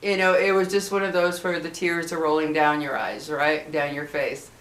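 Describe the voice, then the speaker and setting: A middle-aged woman vlogger talking earnestly to her viewers about personal matters, halting and restarting her sentences often. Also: deep voice, fairly even intonation. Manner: halting, with many restarts and soft earnest asides. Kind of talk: heartfelt personal talk to camera. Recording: echoey room with faint background hum.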